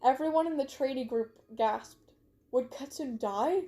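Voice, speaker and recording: A woman's voice: high-pitched, a little slow, mellow, soft background music. A woman reading her own story aloud on a stream, in a casual way, often stumbling and correcting herself with little asides.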